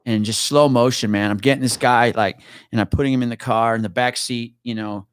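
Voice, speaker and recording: A middle-aged retired police officer, guest on a podcast, chatting in a relaxed way at an ordinary pitch. He drawls out his stories, swears, and calls people man. The sound is dry and close to the mic. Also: brisk, clean tone, dry recording. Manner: laid-back storyteller, says man a lot, swears. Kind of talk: casual chat.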